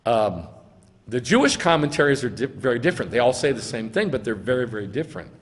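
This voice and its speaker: A man's voice: mid-range voice, sing-song, quick pace, big-room sound. A man preaching as a rabbi, reading scripture aloud and arguing its meaning, rising to emphasize key lines. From United States. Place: synagogue sanctuary.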